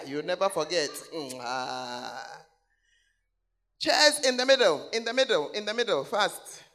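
A man preaching a sermon to a church congregation, calling out to the people in the seats and repeating key words, swinging between loud exclamations and low asides. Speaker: pastor. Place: large church hall.

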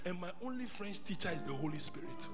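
A middle-aged man from Ghana, preaching a sermon as a bishop, emphatic and repetitive, moving between loud exclamations and quiet asides. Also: sits high, lively intonation, fast. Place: church service hall. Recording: long reverb of a large hall, faint music.

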